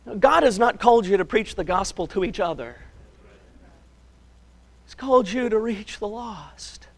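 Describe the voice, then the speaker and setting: Guy preaching a sermon, high voice, emphatic but chatty. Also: lively intonation, moderate pace, long pauses. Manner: emphatic, conversational, chuckles at himself.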